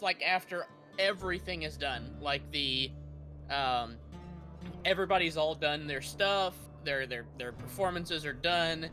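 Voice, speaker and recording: A man, the stream's moderator, telling a long story in a casual, rambling way with many fillers. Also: fairly high pitch.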